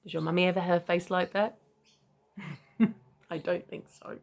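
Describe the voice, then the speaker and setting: A woman reading a children's picture book aloud, stopping for gentle asides to the child listening. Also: lowish voice, steady tone, moderate pace, gravelly. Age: older. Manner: gentle asides, chuckling often. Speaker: storybook reader.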